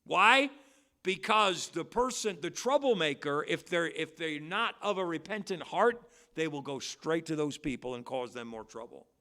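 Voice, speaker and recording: A man preaching as pastor at a midweek church service, swinging between loud, drawn-out stressed words and quiet, quick asides. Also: fairly high pitch, animated. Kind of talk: expository sermon. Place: church sanctuary.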